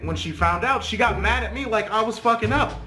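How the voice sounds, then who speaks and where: A man's voice: high voice, brisk, sharp tone, faint music behind. A man telling a story to the camera in a casual, rambling way, swearing freely and tagging his sentences with "right?" and "like". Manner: profane, rambling, many "like" and "right?" tags. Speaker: vlogger.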